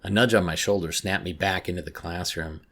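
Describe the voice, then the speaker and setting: Husky low-voiced man narrating horror. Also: fairly even intonation, fairly quick, fairly bright tone. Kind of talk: first-person horror story narration.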